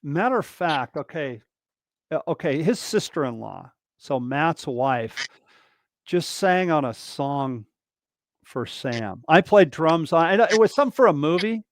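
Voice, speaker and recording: Man, host, casual chat, animated storyteller, somewhat high voice, dry recording. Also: measured pace, no room sound. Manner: animated storyteller, many restarts. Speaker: host, drummer.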